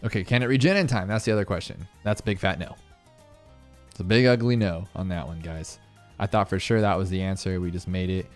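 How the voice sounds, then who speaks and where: Fast-talking excitable young man. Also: sits low. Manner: fast, excitable, full of fillers and self-talk. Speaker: gaming channel host. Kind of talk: casual gameplay commentary. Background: faint game music.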